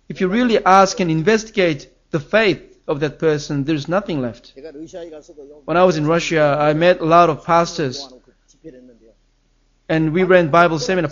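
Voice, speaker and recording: A man's voice: a little high, dull audio. A man preaching a sermon as pastor, earnest and emphatic, his voice rising on key phrases.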